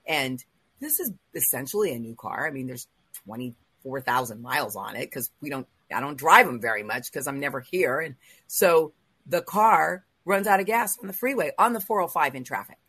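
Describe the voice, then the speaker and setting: A woman hosting a faith talk show, telling a personal story in an emotional, animated way with quoted asides. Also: extremely low pitch, normal speed, husky. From Los Angeles area. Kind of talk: casual storytelling in a group chat.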